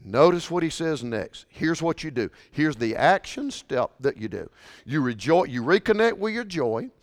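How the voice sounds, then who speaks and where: High-voiced preacher in a reverberant hall. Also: male voice, sing-song, moderate pace. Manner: dynamic preaching, swings from hushed to shouting. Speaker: pastor. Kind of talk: sermon. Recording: long reverb of a large hall.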